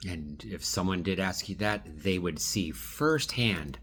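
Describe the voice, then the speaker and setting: A man's voice: low voice, lively intonation, a little slow, a bit bright. A man speaking straight to one absent person in a rambling, pleading video monologue. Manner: rambling, restarts and trails off. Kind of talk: direct-address video monologue.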